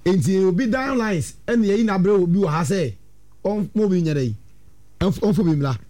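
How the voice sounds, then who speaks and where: A man with a Ghanaian accent, a talk-show guest, recounting events in an animated storytelling way. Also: high voice, moderate pace. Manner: animated, storytelling with quoted dialogue. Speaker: studio guest.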